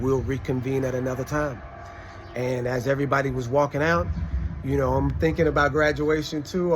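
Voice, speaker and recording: With slight noise in the background, a man with a fairly high voice tells a casual personal story about something that happened in a classroom. He's animated and emphatic, often acting out what people said.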